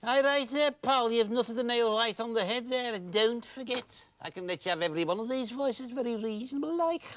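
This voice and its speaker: A man playing a slick, theatrical salesman who wheedles and hams up his pitch. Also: a little fast, a bit bright. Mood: salesy. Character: slick fast-talking male voice salesman.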